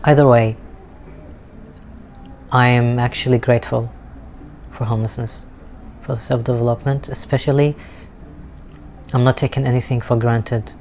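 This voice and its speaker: A man's voice: mid-range voice, level tone, normal speed, pauses often, a little mellow, slight background noise. A man vlogging a candid, emotional personal monologue, earnest and sometimes swearing, recorded outdoors in a city. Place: outdoors in a city with street music nearby.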